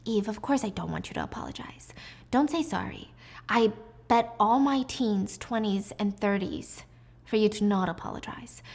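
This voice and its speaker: A woman's voice: mid-range voice, creaky. A woman reading as a cold vengeful teacher. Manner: calm, cutting, measured. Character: cold defiant female schoolteacher plotting revenge.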